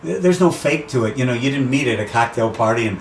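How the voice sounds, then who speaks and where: A middle-aged man, a race announcer, chatting casually in an interview outdoors by the sea and acting out quotes with lively jumps in pitch. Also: brisk. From USA. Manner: animated, acts out quotes with rising pitch. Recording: roomy and distant with faint noise.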